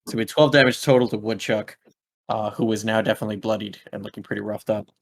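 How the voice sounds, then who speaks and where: A man's voice: on the low side, steady tone, fast, gravelly. A young man running a tabletop game as game master, rambling with many fillers and laughing at his own slips.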